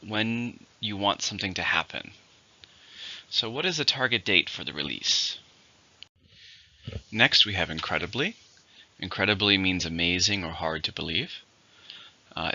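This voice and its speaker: A male English teacher runs through a vocabulary list in a bright, edgy, lower-pitched voice. He slows down to stress each syllable as he models the words. The recording sounds dull and lo-fi. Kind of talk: vocabulary lesson.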